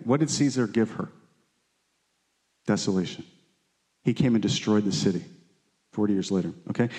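A man teaching a Bible study in a conversational sermon style. He speaks earnestly and informally, often checking in with "right?" and "okay?". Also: a little mellow. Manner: acts out quotes with lifted, pleading pitch.

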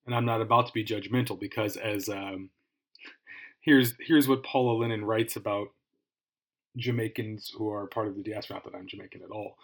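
A man's voice: lowish voice, fairly even intonation, fairly quick. A man hosting a podcast, giving a casual book review and thinking aloud with restarts and asides.

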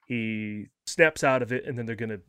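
A man hosting a podcast, chatting casually about a film in an animated way and acting out quotes. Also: mid-range voice, normal speed, clear, resonant tone, no room sound, studio quality. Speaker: podcast host.

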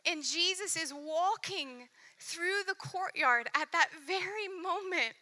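Slow, bright-voiced woman preaching. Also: extremely high pitch, expressive. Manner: earnest, intimate, dropping to soft near-whispers when reading scripture. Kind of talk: sermon.

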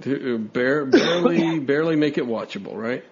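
A man's voice: medium pitch, lively intonation, normal speed, muffled recording. A man hosting a podcast in casual chat, reacting to his co-host and moving the show along. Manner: reacts with short interjections, steers the show.

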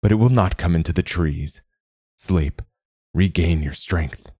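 A man voicing a calm, gentle old man who speaks softly and soothingly in a storybook reading. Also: low voice, measured pace. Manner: calm, soft-spoken.

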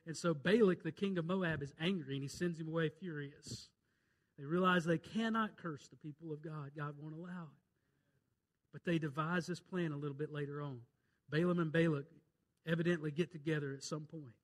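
A Southern preacher from Mississippi retelling a Bible story from the pulpit. His voice sits high for a man and rises and drops in volume with each turn. Folksy, country-plain storytelling. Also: normal speed. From Mississippi, USA. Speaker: pastor. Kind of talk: sermon.

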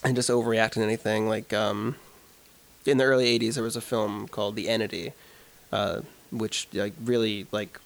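A man's voice: on the low side, level tone, normal speed, vocal fry. A man co-hosting a podcast, talking earnestly about films and often stopping to search for words. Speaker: podcast co-host. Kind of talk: casual film discussion.

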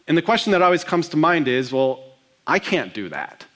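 Man preaching an expressive sermon. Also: fairly high pitch. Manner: expressive preaching, acting out quotes with slowed emphasis. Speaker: pastor.

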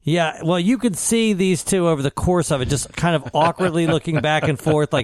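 A man co-hosting a radio show, telling a funny story in an animated way and laughing as he talks. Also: fairly high pitch, brisk, hardly any pauses, dry recording. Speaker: radio co-host. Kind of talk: casual radio chat.

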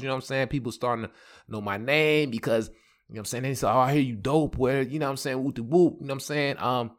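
A man telling a personal story on his podcast, casual and animated, acting out the other people in it. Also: medium pitch. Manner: animated, acts out quoted voices, laughs often. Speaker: podcast host.

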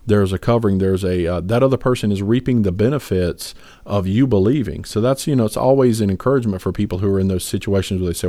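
Co-hosting a podcast, a man discusses faith casually and earnestly, wandering with many fillers and restarts. He talks fast in a lowish, warm voice, and the recording is dry.

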